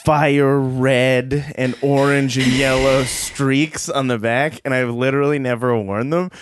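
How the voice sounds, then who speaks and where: A man co-hosting a podcast, telling a story in a relaxed, giggly way with lots of fillers. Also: mid-range voice, measured pace, slight background noise. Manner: laid-back, giggly storyteller with many fillers. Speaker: podcast co-host. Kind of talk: casual chat.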